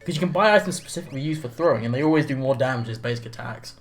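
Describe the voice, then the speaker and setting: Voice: mid-range voice, rapid-fire, soft background music. A co-host of a let's play, chatting casually, teasing the host, laughing often and swearing casually. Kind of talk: casual gameplay chat.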